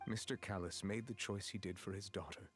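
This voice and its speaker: A stern, formal judge from a video game, a dragon hidden in human form, voiced by a man. He speaks slowly and solemnly in a very low voice, choosing each word with care. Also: fairly even intonation, faint music behind, close to an everyday voice. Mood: reflective.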